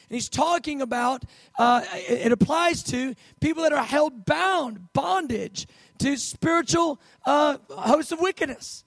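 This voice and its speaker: High-voiced man preaching a casual sermon. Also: gravelly, no echo. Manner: conversational storytelling, emphatic slow stresses.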